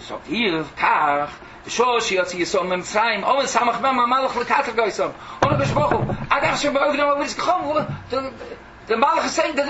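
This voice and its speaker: A man preaching an animated sermon, mixing in Hebrew and phrases. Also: extremely high pitch, moderate pace, far from the mic, dull audio, noisy background. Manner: excitable, mixes in Hebrew and Yiddish phrases.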